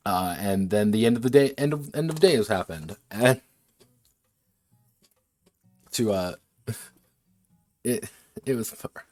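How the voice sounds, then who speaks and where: A man's voice: on the low side, expressive, unhurried, darkish tone, dry recording, faint music behind. A man chatting casually on a stream about designing games, rambling, laughing and swearing freely. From United States. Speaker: game designer streaming a workshop.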